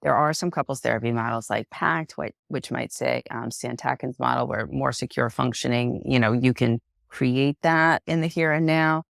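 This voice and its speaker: A woman psychotherapist speaking as a podcast guest in an unscripted, frank and personal way, reflective and expressive. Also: very deep voice, moderate pace, vocal fry, hardly any pauses, dry recording, clean studio sound. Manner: reflective, expressive, acts out quoted voices.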